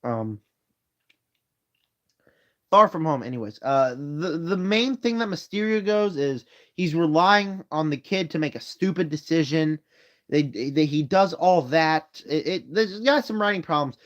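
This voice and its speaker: A man hosts a casual live stream from his room, rambling through movie rankings while tired and yawning. His voice sits a little high and comes through dull, lo-fi phone audio. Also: expressive, a little slow. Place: home room.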